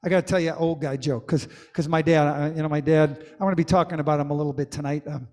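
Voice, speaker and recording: A man's voice: on the high side, steady tone, fast, a little mellow, big-room sound. A man in his sixties who sings and jokes, telling rambling stories between songs on a live-streamed comedy music show. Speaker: singer-songwriter and comedy host.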